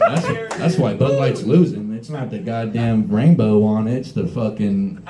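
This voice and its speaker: A man's voice: fairly low pitch, measured pace, warm tone. A young man performing a rambling, profane stand-up set at a small bar, riffing with the audience. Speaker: stand-up comedian. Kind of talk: live stand-up comedy set. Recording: echoey room with crowd noise.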